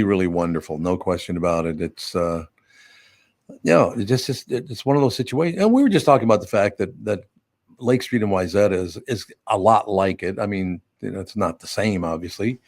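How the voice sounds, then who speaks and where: A man with a low voice hosts a loose radio conversation, folksy and emphatic. He laughs easily, and the sound is close and dry with no room ring. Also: darkish tone, dry recording. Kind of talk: casual radio chat.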